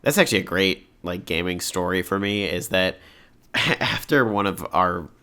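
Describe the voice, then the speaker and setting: A young man with a lowish voice tells a story on a podcast, animated and chatty. He pads his lines with casual fillers and keeps the tone easygoing. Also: normal speed. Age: young adult. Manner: chatty storyteller, animated, many "like" and "you know". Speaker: podcast co-host. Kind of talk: casual chat.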